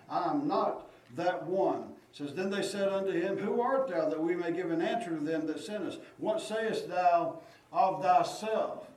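A man teaching Sunday school who reads scripture aloud and then explains it plainly, often restarting his sentences. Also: fairly high pitch. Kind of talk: expository Bible teaching. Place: church room. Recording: echoey church room from far off, faint hiss.

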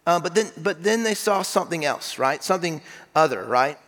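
A man preaching in a church sanctuary, his fairly high voice ringing with long reverb. He talks earnestly, repeating himself and checking in with "right?", rising to loud emphatic bursts, then dropping to quiet, low phrases. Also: lively intonation, a little fast. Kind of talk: sermon.

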